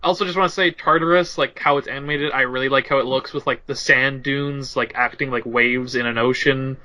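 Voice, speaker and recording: A man's voice: medium pitch, steady tone, sharp tone. A man co-hosting a podcast, chatting and joking casually about films. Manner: chatty, joking, quick to laugh. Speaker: podcast co-host. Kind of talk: casual film review chat. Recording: dull lo-fi podcast audio.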